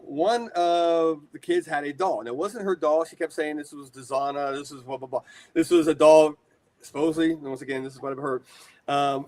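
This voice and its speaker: Man, forties, from the US, casual interview guest, rambling storyteller, rather high voice. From United States. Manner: animated, rambling, self-interrupting. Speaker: guest, horror shop owner.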